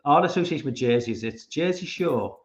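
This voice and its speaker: A man's voice: medium pitch, animated, brisk. A man from England, chatting casually as a podcast guest and rambling, often repeating words while he thinks. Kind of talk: casual chat. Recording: roomy, dull lo-fi sound.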